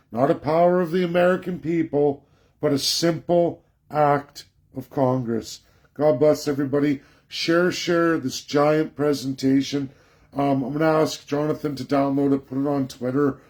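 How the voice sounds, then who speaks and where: A man's voice: medium pitch, mellow. A man hosting a live political stream, talking in an insistent, repetitive, preachy way.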